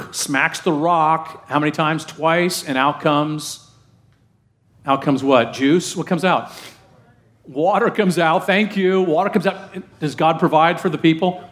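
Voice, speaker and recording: Middle-aged male pastor, slightly high voice, chatty sermon that keeps asking the congregation questions. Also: slow pace, pauses often, a bit bright. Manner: conversational preaching with questions to the congregation.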